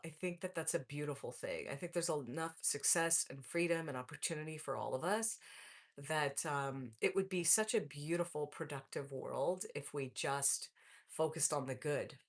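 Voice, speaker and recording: A woman's voice: low voice, normal speed. A woman in her forties hosting a casual live stream, reading viewer comments aloud and answering in an upbeat way, calling the viewers folks. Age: 40s.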